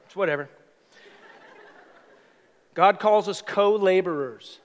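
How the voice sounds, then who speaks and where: High-voiced animated male pastor preaching. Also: slow, big-room sound. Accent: Californian. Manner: animated, conversational preaching with playful asides. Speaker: senior pastor. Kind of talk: sermon. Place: church sanctuary.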